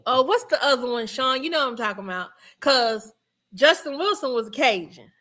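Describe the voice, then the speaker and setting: A woman from Georgia with a Southern accent hosts a casual livestream. Her voice is bright and sits a little high. She talks in a chatty, easygoing way, laughing often as she reads out viewer comments. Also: lively intonation, brisk. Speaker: livestream host.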